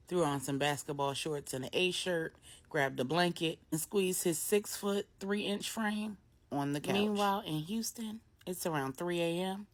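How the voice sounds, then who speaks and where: A woman with a low voice reading a bedtime story meant for grownups. She narrates in a measured, deliberate way, breaking the story into short, unhurried phrases.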